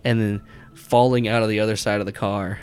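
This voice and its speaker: A man's voice: fairly low pitch, level tone, brisk, a little mellow, clean tone. A man narrating as game master in a tabletop game, rambling with lots of fillers and swearing.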